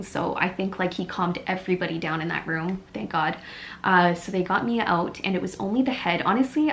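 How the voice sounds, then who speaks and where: Young woman vlogger, lowish voice, chatty storytelling with faint background hiss. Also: creaky. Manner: chatty, animated, many "like" fillers. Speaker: beauty vlogger. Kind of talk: casual storytelling vlog.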